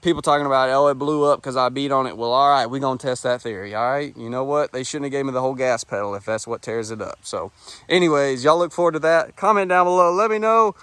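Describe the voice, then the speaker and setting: A young man with a drawl chats easily to his viewers, calling them y'all. His voice sits at an ordinary pitch. The sound is dry and close, with little room echo. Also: quick pace, a bit bright, clear, resonant tone. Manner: laid-back, chatty, addresses viewers as y'all. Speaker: vlogger. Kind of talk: casual vlog talk to viewers. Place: outdoors by a vehicle in rain.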